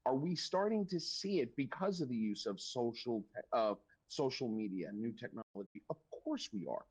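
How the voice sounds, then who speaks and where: A man's voice: mid-range voice, expressive, normal speed, darkish tone, slightly rough, poor audio. A man, a policy analyst speaking live from a remote link, hesitant at first with fillers and restarts, then emphatic. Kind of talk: live interview commentary.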